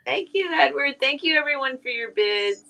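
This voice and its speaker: Female co-host with a creaky voice; casual, musing sale-stream chatter. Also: sits high, animated, moderate pace, bright, forceful tone, muffled recording. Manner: chatty, musing aloud about items. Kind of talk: live-stream sale chat.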